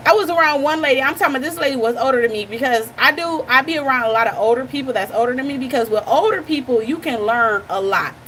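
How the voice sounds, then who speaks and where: Blunt high-voiced woman commentator. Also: fast, few pauses, a little hiss or hum. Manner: blunt, animated, talks straight to the audience. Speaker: reaction channel host. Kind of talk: casual commentary to viewers.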